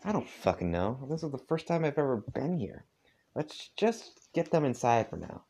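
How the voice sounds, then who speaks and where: A man voicing a hot-tempered teenage boy in a rough put-on Southern US accent. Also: medium pitch, big pitch swings, normal speed, mellow, a little hiss or hum, voice pushed up. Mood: irritated.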